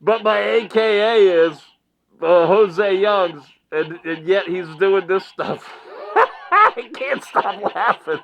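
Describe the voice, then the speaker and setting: A man's voice: sits high, drawn-out words, vocal fry, long pauses, muffled recording. A man giving mocking commentary in a vlog, laughing often and repeating phrases like a ring announcer. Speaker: online commentary vlogger.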